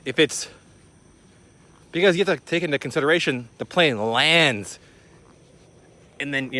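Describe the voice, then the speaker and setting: A man's voice: pushed and bright, a little hiss or hum. Rambling young man telling a story. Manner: rambling, slangy, filler-heavy; rises in pitch when retelling panic. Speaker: vlogger. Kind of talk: casual storytelling.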